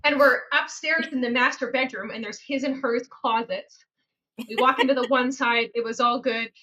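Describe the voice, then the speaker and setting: A woman hosting a podcast about real estate, telling stories in an animated, laughing, repetitive way. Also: fairly high pitch, moderate pace, dull audio. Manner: animated, laughing, repeats phrases for emphasis. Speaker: podcast host and realtor. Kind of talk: casual storytelling chat.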